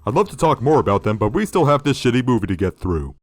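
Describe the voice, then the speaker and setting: A man's voice: mid-range voice, very animated, fast, no room sound. A man hosting a critical video review, sardonic and profane. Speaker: video essay host.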